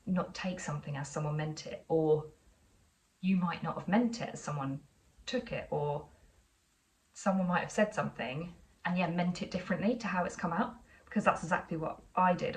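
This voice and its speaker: Chatty English woman vlogging, low voice. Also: distant mic, poor audio. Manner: chatty, rambling storytelling with frequent asides. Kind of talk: casual vlog chat.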